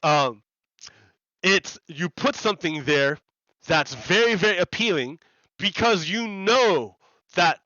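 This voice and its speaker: A man's voice: sits high, animated, slow pace, pauses often, bright, forceful tone, dry recording, highs cut off. A man chatting casually on a live game stream, rambling and repeating words as he explains ideas to his viewers. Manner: rambling, repeats words and restarts, laughs often.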